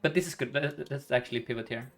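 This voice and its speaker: A man's voice: mid-range voice, fast talker, soft background music. A man streaming a game live, thinking aloud about each move in a chatty way and laughing often.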